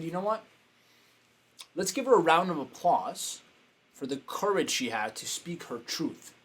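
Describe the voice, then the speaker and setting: Brief: male coach, slightly raised pitch, animated anecdote teller with lively quoted voices. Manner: animated, acts out quotes with sudden pitch jumps. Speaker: business coach. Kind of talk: casual storytelling.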